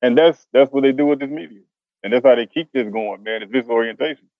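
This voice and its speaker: A man's voice: mid-range voice, fast, no room sound, narrow, tinny audio. A man speaking as a guest in a casual podcast discussion, emphatic and street-casual.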